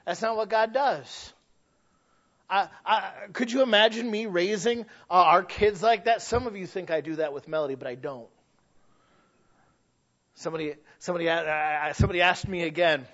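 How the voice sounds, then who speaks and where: High-voiced preaching man, lo-fi. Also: fairly quick, fairly bright tone. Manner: conversational, emphatic preaching with restarts. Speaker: pastor. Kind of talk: sermon. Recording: dull lo-fi sound.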